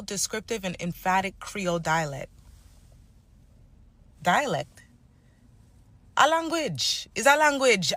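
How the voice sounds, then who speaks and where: A woman with a Jamaican accent giving emphatic direct-to-camera commentary, slipping into quick patois. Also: on the low side, a bit bright. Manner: emphatic, switching into fast patois.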